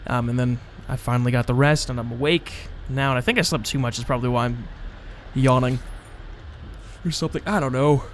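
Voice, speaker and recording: A man's voice: mid-range voice, brisk, a little hiss or hum. Drowsy rambling young man gaming. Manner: rambling, self-mocking, drowsy. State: yawning, tired. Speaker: gaming channel host. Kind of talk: casual let's-play commentary.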